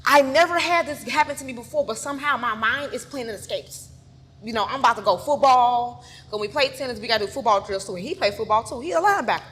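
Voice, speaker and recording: Woman, kinda high voice, telling her story all vivid, acting it out, goes quiet then loud. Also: quick pace, slightly rough. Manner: vivid, acts out scenes, swings from hushed to loud. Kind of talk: emotional personal storytelling.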